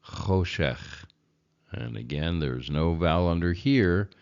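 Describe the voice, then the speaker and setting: Male teacher, very low gravelly voice, unhurried, patient, dull lo-fi recording. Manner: slow, patient, repeats each word for learners. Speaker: Hebrew reading teacher. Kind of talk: recorded reading lesson.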